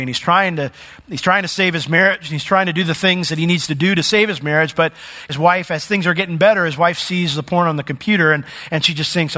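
A man preaching a sermon with earnest emphasis, rising sharply when he urges his listeners and dropping low for heartfelt points. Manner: earnest, preacherly, climbs high and loud when urging. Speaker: pastor.

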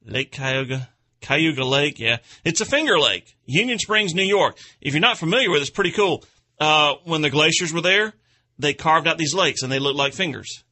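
A man's voice: on the high side, lively intonation, moderate pace, pushed and bright. A man hosting an outdoors radio show, chatting in a rambling, folksy way and chuckling at his own stories. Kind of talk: casual radio chat.

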